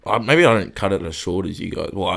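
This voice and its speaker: A man's voice: deep voice, animated, quick pace, gravelly, fairly bright tone. A young man who swears constantly and tells rambling anecdotes on a podcast. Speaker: podcast co-host. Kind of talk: casual chat.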